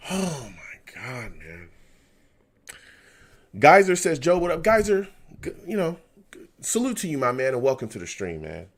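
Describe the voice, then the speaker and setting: On a live fan stream, a male host reacts to a football game, venting his exasperation and reading chat messages aloud. His voice runs on the high side with huge swings in pitch, and he talks at a moderate pace, pausing often.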